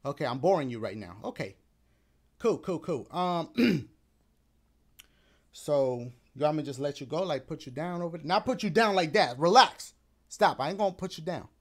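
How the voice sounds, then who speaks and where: Laid-back man with a lively, high voice. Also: normal speed. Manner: laid-back, rambling, playful slang. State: a little out of breath. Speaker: gaming YouTuber. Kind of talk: casual outro chat to viewers and his dog.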